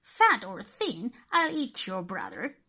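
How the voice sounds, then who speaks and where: A woman's voice: mid-range voice, wildly swooping pitch, takes it slowly, bright, forceful tone, breathy edge, exaggerated voice. A woman voicing a wicked old witch in a storybook reading, sing-song and gleeful with cackling laughs.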